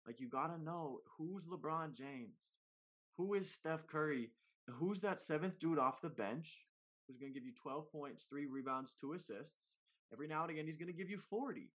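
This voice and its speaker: A man who makes comedy videos, talking in a casual, slangy, animated way on a podcast, with big swings in pitch and loudness. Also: normal speed. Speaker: comedy content creator guest.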